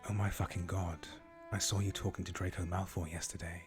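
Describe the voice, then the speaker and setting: A man reading out the lines of a gossipy teenage goth girl in a flat, plain voice. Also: low voice, brisk, music in the background, close to an everyday voice. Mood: excited.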